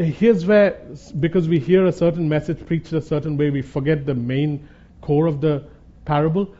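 A man with a high, mellow voice gives a conversational sermon as a Bible teacher. He is earnest, circles back to hammer home each point, and keeps calling his listeners "guys". The recording sounds dull and lo-fi. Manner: earnest, repeats points for emphasis, calls the audience "guys".

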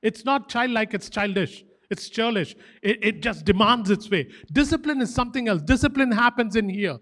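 A man's voice: high-pitched, normal speed. A man preaching a sermon as pastor, emphatic and fervent, repeating short phrases for stress. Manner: fervent, animated exhortation.

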